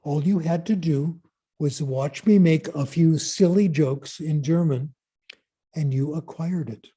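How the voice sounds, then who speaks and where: A man giving a conference lecture, asking rhetorical questions and answering them in an emphatic, deliberate way. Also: fairly high pitch, warm tone, husky. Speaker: conference speaker. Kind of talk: lecture on language learning.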